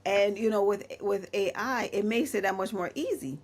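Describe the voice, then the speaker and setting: A woman's voice: medium pitch, normal speed. Podcast host, woman, chatty and filler-heavy, conversational. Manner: chatty, full of "you know" fillers, laughs often. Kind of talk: casual conversation.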